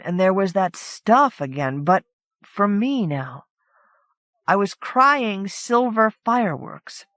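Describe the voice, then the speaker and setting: A female audiobook narrator gives a scripted reading of a short story, sounding casual and conversational in the first person. Her voice is low-pitched and a touch bright, recorded dry.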